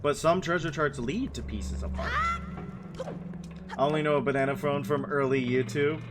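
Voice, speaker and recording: Playful high-pitched streamer man. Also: moderate pace, over loud music. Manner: playful, breaks into silly sing-song. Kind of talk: casual let's-play commentary.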